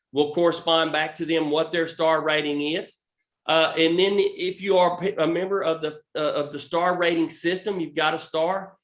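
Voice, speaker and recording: A Southern American man with a fairly high voice explains a recruiting program in a slow, halting way, restarting his sentences and filling pauses. The room around him is echoey. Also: fairly bright tone. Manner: halting, with many restarts and fillers. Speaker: fishing recruiting scout.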